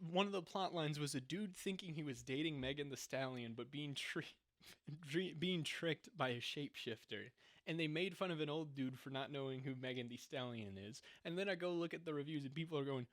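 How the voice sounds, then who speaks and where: Sarcastic young man, a bit high. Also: a bit bright. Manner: sarcastic, laughs often, mocking. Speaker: podcast co-host. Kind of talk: casual chat.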